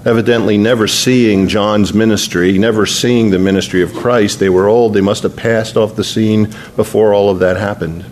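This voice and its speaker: A man's voice: lowish voice, fairly even intonation, moderate pace, hardly any pauses, darkish tone, slight background noise. A man preaching a sermon in an earnest, conversational way, slipping into spoken prayer. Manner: earnest, conversational, prays aloud mid-sermon.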